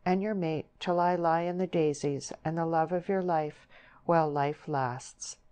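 A woman's voice: low voice, steady tone, a little slow, warm tone, smooth. A woman voicing an earnest young countrywoman who speaks in rustic dialect, pleading and proud. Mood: tender.

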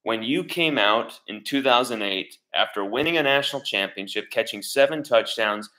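A man's voice: medium pitch, animated, moderate pace, bright, forceful tone, rough recording. Enthusiastic encouraging male interview host.

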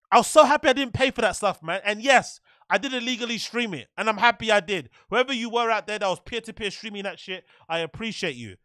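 A man's voice: sits high, sharp tone, dry recording. A young man, hosting a podcast, giving exasperated and profane ranting commentary that keeps repeating its questions. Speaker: podcast host.

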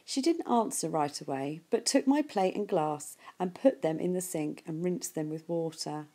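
Woman reading a novel aloud; warm, mellow, steady storyteller. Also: low voice, moderate pace, hardly any pauses. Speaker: reader.

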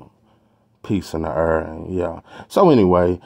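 A man's voice: sits low, steady tone, measured pace, vocal fry, a little mellow. A man with a Texan accent hosting a boxing talk show, rambling and emphatic, with plenty of slang and profanity. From Texas. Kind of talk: casual opinionated boxing commentary.

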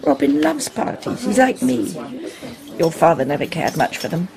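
A woman's voice: medium pitch, sing-song, moderate pace, vocal fry, crowd noise. An actress playing a chatty, fond middle-aged mother who fusses over her grown daughter in a radio play. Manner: chatty, breezy, fussing.

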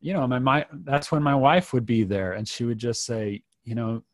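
Speaking at normal speed in a mid-range voice, this middle-aged podcast guest shares a personal story with an earnest, reflective tone and frequent restarts. The sound is dry and studio-clean.

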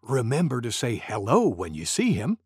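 A man reading a picture-book story aloud to preschoolers in an expressive, animated way. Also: medium pitch, moderate pace, slightly rough, no echo, studio quality. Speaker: children's story reader.

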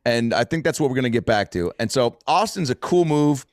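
A man hosting a casual podcast chat, telling stories in an animated way and swearing freely. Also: mid-range voice, brisk, dry recording, clean studio sound. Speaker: podcast host and comedian.

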